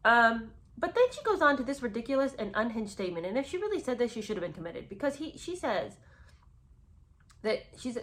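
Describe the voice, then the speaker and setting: A woman's voice: a little high, big pitch swings, fairly quick, a bit bright. A woman giving sarcastic, incredulous commentary while reading from a memoir. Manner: scornful, incredulous, emphatic.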